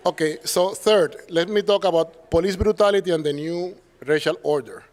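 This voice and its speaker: A man speaking English with a Puerto Rican Spanish accent delivers a symposium lecture in a fairly high voice. He keeps it conversational and wry, tossing quick tag questions to his listeners between points. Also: a little mellow. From Puerto Rico. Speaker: professor giving a symposium talk. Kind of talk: public lecture.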